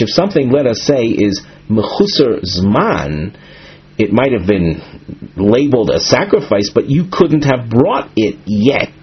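A man teaching a Talmud lesson, explaining slowly and patiently and stressing key terms. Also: mid-range voice, breathy edge, muffled recording.

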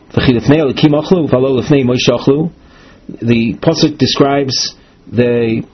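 A man with giving a Talmud lesson, reading each phrase and then explaining it with many halting "uh" pauses. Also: mid-range voice, slightly rough. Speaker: Talmud teacher. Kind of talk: text study lesson, reading and translating. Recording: dull lo-fi recording.

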